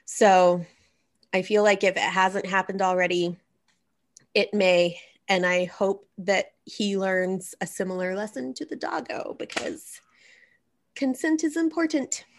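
A woman hosting a casual chat with a wry, cynical streak. She talks emphatically at a mid pitch. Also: fairly even intonation, a little slow. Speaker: podcast host.

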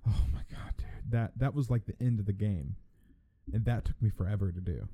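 A man's voice: on the low side, brisk, warm tone, no echo. A young man co-hosting a casual podcast chat, rambling through gaming memories with many hesitations. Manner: rambling, hesitant, restarts stories with many uhs. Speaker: podcast co-host.

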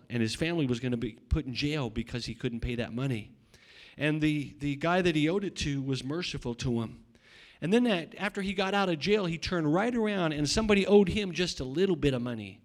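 In a voice that's a little high, a middle-aged pastor delivers a sermon that veers between loud shouts and hushed asides. Repeated words and restarts come up often.

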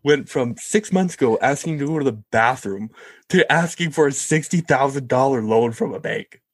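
Young male co-host, husky, mid-pitched, quick to laugh, dry close recording. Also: lively intonation, no echo. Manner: laughs often, riffs on jokes. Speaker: podcast co-host. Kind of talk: casual chat.

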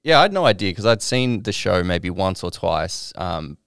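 A man hosting a podcast in loose, sweary chat full of fillers. His voice sits low and has a gravelly fry to it. The close studio mic is dry, with no room sound. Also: very animated, moderate pace, fairly bright tone, no room sound. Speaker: podcast host.

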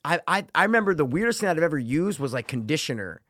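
A man's voice: a little high, sing-song, quick pace, dry recording. Young guy arguing in crude chat, bouncy voice, dry close sound. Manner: blunt, argumentative, bursts into shouted laughter.

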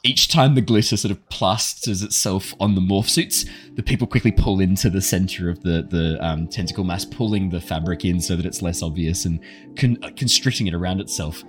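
A man's voice: low voice, brisk, faint music behind. A man narrating a tabletop game as game master, rambling with fillers and chuckles.

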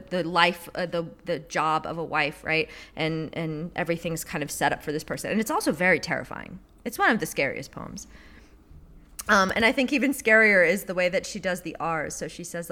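A woman co-hosting a casual chat about books and poetry, animated, laughing often and acting out quotes. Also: fairly low pitch. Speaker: podcast co-host.

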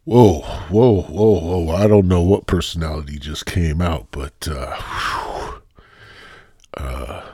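Husky-voiced man rambling on a podcast. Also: low-pitched, takes it slowly, a little mellow, no echo, studio quality. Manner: profane, rambling, jokey. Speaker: podcast host. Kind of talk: casual rambling monologue.

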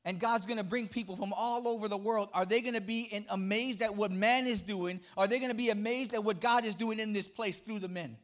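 A man preaching a sermon in a church, impassioned and swinging between loud and quiet. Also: high-pitched, a little fast, few pauses. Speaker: guest preacher.

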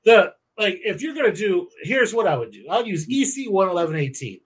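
A man's voice: sits high, big pitch swings, fairly quick, slightly rough. A man co-hosting a casual podcast, talking crudely and jokingly while he explains how to make wine and beer at home. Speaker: podcast co-host.

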